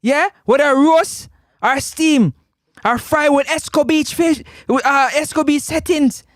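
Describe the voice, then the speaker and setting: A man's voice: very high-pitched, a little slow, dry recording, clean studio sound. A man with a Jamaican accent hosting a live sports talk stream, teasing viewers playfully and laughing often.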